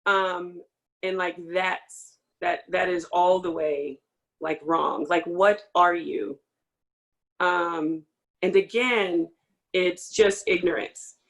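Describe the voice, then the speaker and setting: A woman field hockey coach speaking casually in a panel discussion, quick and peppered with fillers. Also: on the low side, steady tone, rough recording. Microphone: video call.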